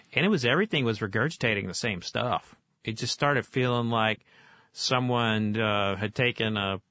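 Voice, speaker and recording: A man from Oklahoma, a guest in an interview, telling stories in a casual, animated way with many fillers. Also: medium pitch, dry recording, studio quality. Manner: animated storyteller, lively with fillers. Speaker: guest, whiskey author.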